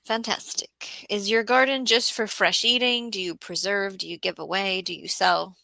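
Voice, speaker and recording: A woman hosting a casual gardening livestream, tired after a bad day, chatting and thinking aloud while reading viewer comments and clearing her throat often. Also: mid-range voice, fairly even intonation, normal speed, bright, forceful tone, no echo. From Southeast Florida. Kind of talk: casual live-stream chat reading comments.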